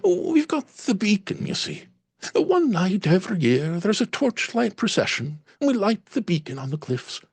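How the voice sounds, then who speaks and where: A man voicing a chatty, homely village landlady with a put-on Irish lilt, high and breathy. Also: sing-song, moderate pace, no room sound, exaggerated voice. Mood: rambling.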